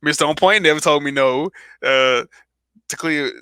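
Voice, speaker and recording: A man's voice: a little high, moderate pace, pushed and bright, clear, resonant tone, no room sound. A man co-hosting a podcast in casual chat, profane and joking, telling stories dramatically. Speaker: podcast co-host.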